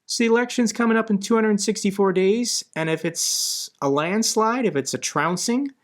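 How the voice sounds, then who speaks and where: Emphatic man, slightly higher voice. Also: moderate pace. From United States. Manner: emphatic, repeats phrases for stress. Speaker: political commentary host. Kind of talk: Q&A commentary, reading viewer questions.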